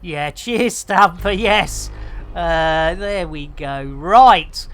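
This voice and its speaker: A woman's voice: lowish voice, drawn-out words, a bit bright, faint music behind. A woman in her fifties streaming a game live, chatting with viewers in an exclamatory way and swearing freely. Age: 50s.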